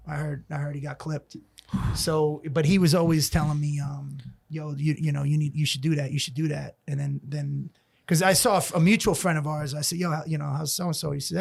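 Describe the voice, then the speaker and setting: A man's voice: a little high, fairly quick, gravelly. A man from North Jersey, a stand-up comedian telling profane, laugh-filled stories as a podcast guest. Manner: profane, animated storyteller who laughs a lot. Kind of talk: casual storytelling chat.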